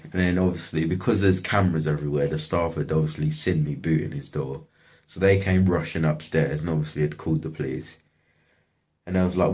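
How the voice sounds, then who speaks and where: A man's voice: extremely low pitch, steady tone, a little fast, a little mellow. A young man casually telling a story from his life, slangy and swearing often. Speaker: vlogger.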